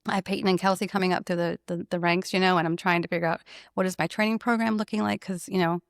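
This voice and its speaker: A woman who owns a salon, telling an emotional personal story in an animated, conversational way and laughing often. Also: fairly low pitch, quick pace, dry recording, studio quality. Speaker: salon owner.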